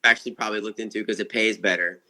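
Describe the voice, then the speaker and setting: A man's voice: fairly low pitch, steady tone, rapid-fire, pushed and bright. A man calling in as a guest, friendly and upbeat in a casual chat.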